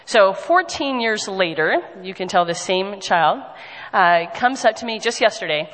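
A woman in her forties telling an animated family story to a congregation, laughing now and then. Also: medium pitch, a little slow, big-room sound, rough recording. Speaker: pastor's wife sharing a story.

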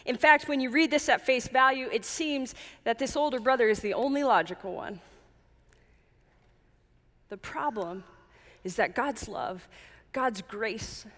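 A woman preaching a sermon in an earnest, measured way, stressing key words and repeating lines for emphasis. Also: fairly high pitch, a bit bright. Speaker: pastor. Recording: long hall reverb.

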